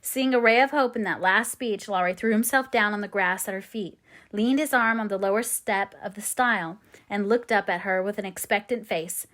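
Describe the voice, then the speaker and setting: A woman's voice: medium pitch, moderate pace, fairly bright tone. Woman narrating a classic novel. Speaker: audiobook narrator. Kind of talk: unabridged audiobook narration.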